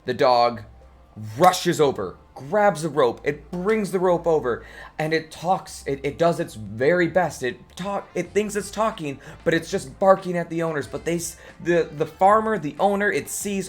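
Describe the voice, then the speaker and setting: A man, a streamer, telling an improvised bedtime story in a relaxed, rambling way, restarting phrases as he goes. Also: a little high, normal speed, faint music behind.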